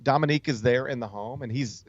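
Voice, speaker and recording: A man at a middle pitch hosting a talk show, spinning a story in a loose, chatty way, full of fillers and false starts. His voice sits close and dry, without room sound, and the recording is a little muffled and dull. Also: fast, dry recording. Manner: loose, rambling delivery full of "like" and "um", with frequent restarts. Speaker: sports radio host.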